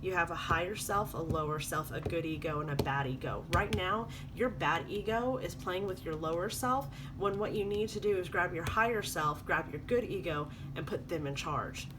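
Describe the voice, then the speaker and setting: A woman's voice: lowish voice, normal speed, hardly any pauses, noisy background. A woman doing a spoken tarot reading, coaching viewers in an earnest, repetitive way. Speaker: tarot reader.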